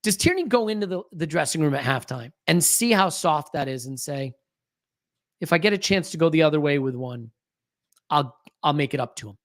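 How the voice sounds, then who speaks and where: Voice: medium pitch, lively intonation, a little fast, fairly bright tone. Anxious fan doing live match commentary. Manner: anxious, restless fan commentary with frequent restarts. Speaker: podcast host. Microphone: fiddles with a desk microphone.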